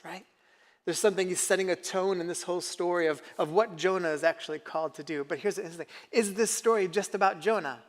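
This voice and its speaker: Man, high-pitched, pastor, conversational sermon, questions to the crowd, reverberant church hall. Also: fast. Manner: conversational, asks the congregation questions. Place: church sanctuary.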